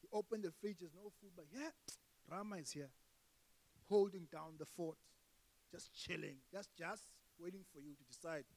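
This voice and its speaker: A young man with a South African accent works a comedy crowd in a fairly high voice. He bursts out loudly at the punchlines, then drops into hushed asides. He chats back and forth with people in the audience. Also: moderate pace, gravelly, low-quality recording. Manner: animated, swings between loud outbursts and hushed asides. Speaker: stand-up comedian. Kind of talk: stand-up comedy with crowd work.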